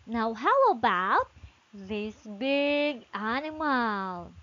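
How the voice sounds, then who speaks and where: A woman teaching English to a child in an online class, praising often and drawing her words out in a slow sing-song way. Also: a little high, sing-song, bright, forceful tone, dull audio, a little hiss or hum.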